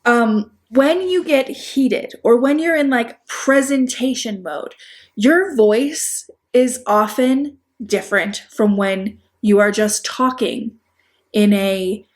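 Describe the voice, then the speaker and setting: A woman's voice: a little high, takes it slowly. A woman with a Chicago accent giving rambling, sarcastic commentary on a video, with frequent restarts and asides. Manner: sarcastic, rambling, self-deprecating. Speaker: commentary YouTuber. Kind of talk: casual video-essay commentary.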